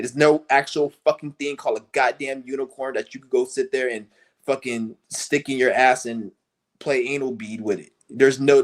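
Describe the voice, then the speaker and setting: A man streaming a furious, cursing rant who mocks the people he criticizes in shrill put-on voices. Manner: angry, cursing, mocking; breaks into high mocking impressions of others. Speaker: livestream host. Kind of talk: profane rant to camera.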